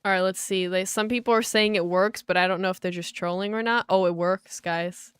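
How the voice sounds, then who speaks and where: A young woman livestreaming a game launch, chatting excitedly to her viewers and calling them guys. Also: on the low side, fairly quick, clear, resonant tone, no echo. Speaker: livestreaming gamer. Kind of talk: casual livestream chat.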